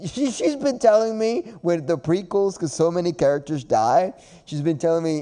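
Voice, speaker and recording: A man's voice: on the high side, animated, normal speed, dark tone. A man hosting a podcast in casual chat, rambling and repeating himself with frequent laughs. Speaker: podcast host.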